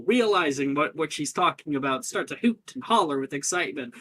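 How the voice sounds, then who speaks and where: A man narrating a tabletop role-playing game as game master, lively and unhurried. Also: fairly high pitch, no echo, low-quality recording.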